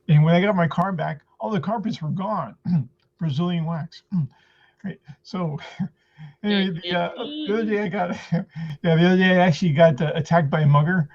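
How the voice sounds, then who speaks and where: A man doing stand-up jokes over a video call, halting with many fillers, clearing his throat and giggling at his own lines. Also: on the high side, a little mellow. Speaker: stand-up comedian. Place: at home in front of a green screen. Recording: muffled lo-fi video call audio.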